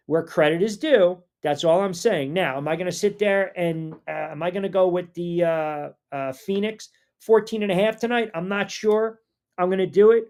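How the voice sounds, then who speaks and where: A man hosting a live sports talk show, reading listener comments aloud and answering them in an animated, conversational way, his pitch rising when he gets fired up. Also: vocal fry. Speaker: sports talk radio host.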